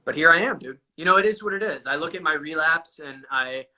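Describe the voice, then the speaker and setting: Bright-voiced man talking candidly. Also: on the high side, animated, brisk, poor audio. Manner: casual and profane, says "dude" constantly. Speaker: guest sharing a recovery story. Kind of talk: candid conversational storytelling.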